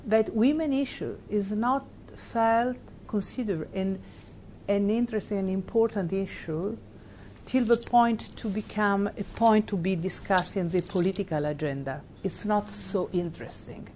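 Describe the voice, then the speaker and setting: A middle-aged woman with an Italian accent, giving a university lecture in English. Her voice sits at a middle pitch, and she pauses and restarts often as she searches for words. A faint background noise runs under the recording. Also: a little mellow. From Italy. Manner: halting, searching for words, laughs while telling a story. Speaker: guest lecturer.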